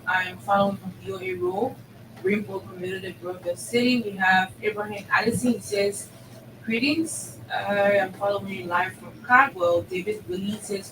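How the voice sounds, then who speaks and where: A woman's voice: mid-range voice, far from the mic, background noise. A woman hosting a radio show, steadily reading listener names and greetings aloud. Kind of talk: reading listener messages on air.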